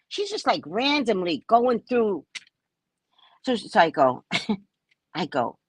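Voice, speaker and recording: Woman, casual rant, brash and cussing, higher pitch, dry close sound. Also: moderate pace, dry recording. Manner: brash, profane, mocking, animated storytelling. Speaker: psychic reader and vlogger. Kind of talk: casual live-stream rant.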